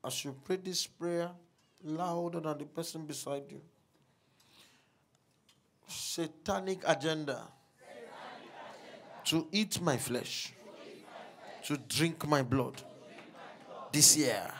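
Male pastor, high bright voice, slow deliberate delivery, shouted prayer calls over a faint congregation. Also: a faint crowd, a little hiss or hum. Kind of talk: sermon prayer session. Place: church hall.

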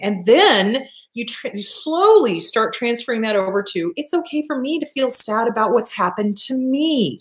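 A middle-aged woman, a therapist, giving blunt, profane, expressive advice in a casual monologue. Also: medium pitch. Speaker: therapist, show host. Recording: echoey room.

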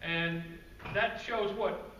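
A man giving a guest-speaker presentation to a club audience, telling stories in a relaxed, conversational way with asides to the crowd. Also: high-pitched, very slow. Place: meeting room with an audience. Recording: roomy, distant, faint background noise.

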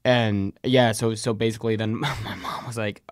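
A man's voice: lowish voice, little pitch movement, moderate pace, no echo, studio quality. A young man and podcast co-host telling a story in casual chat, rambling with many fillers. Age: young adult. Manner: rambling, lots of "like" fillers, acts out quotes.

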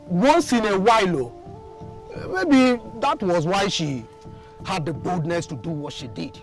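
A man's voice: high-pitched, unhurried. An actor with a Nigerian accent playing a man who stammers while explaining himself to his friend. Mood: nervous. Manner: excited, stammering. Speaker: husband's friend. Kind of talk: Nollywood film acting. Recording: film soundtrack music behind.

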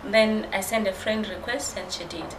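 A woman's voice: medium pitch, steady tone, normal speed. A woman guest earnestly telling her story in casual conversation. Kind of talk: casual chat. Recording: roomy with background noise.

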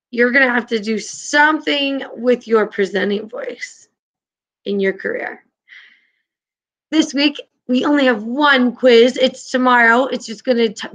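A woman's voice: a little high, fairly bright tone. A woman teacher leading an online class, upbeat and encouraging with her students.

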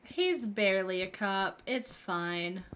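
A woman's voice: mid-range voice, lively intonation, slow, a bit bright. A woman player at a tabletop game, joking and teasing in casual chat. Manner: joking, teasing, laughs often.

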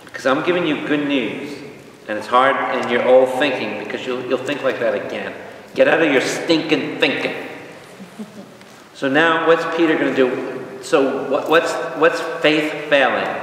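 An energetic priest teaches a Bible study, peppering his listeners with questions and wry jokes. His voice is bright and forceful, caught from a distance in a large, reverberant hall with a faint hum underneath. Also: medium pitch, unhurried. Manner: energetic, quizzes the audience, jokes.

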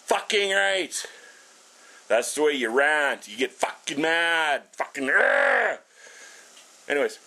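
A man's voice: a little high, unhurried, pushed and bright, husky. A middle-aged man rambling and swearing nonstop while he shows off his small house and cooks. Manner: blunt, swears constantly, rambling. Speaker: vlogger. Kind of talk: casual profane ranting vlog.

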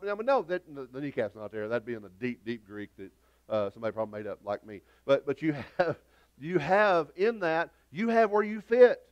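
A middle-aged man preaches to his congregation, his voice pitched a little high. He talks in a folksy, rambling way, circling back and restarting his sentences as he tells his stories. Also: big pitch swings, quick pace, highs cut off. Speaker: pastor. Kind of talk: sermon. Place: church sanctuary.

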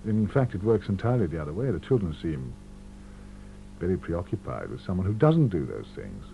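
A man with a low, richly varied voice swoops from deep murmurs to bright, eager peaks as he spins anecdotes for a radio interview. The sound is dull and muffled, an old 1970s broadcast archive with faint hum behind. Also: brisk, creaky. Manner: expansive, animated storytelling. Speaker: actor as interview guest.

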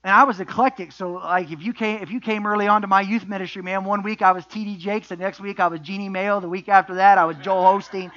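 A man's voice: high-pitched, steady tone, quick pace, few pauses, a bit bright, lo-fi sound. A middle-aged man preaching a sermon as pastor, emphatic, with repeated refrains and rhetorical questions.

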